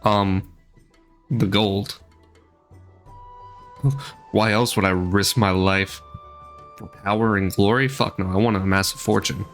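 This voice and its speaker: A man streaming a game gives blunt, joking commentary in a relaxed voice. His pitch sits low, and soft music plays quietly behind him. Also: moderate pace. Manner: chatty, blunt, self-deprecating. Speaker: VTuber streamer. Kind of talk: casual gameplay commentary.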